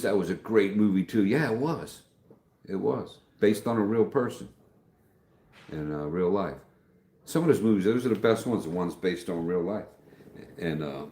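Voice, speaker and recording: Middle-aged male livestream host, very low voice, folksy and rambling, echoey home room. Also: darkish tone. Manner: rambling, folksy, trails off and restarts. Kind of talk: casual livestream chat reading viewer comments.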